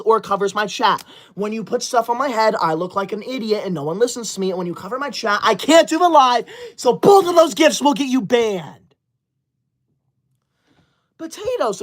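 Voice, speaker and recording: A man in his twenties playing a touchy, self-important young livestreamer who reads super chats in an indignant, whiny way and shouts at viewers. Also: high voice. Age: 20s. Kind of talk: parody livestream skit.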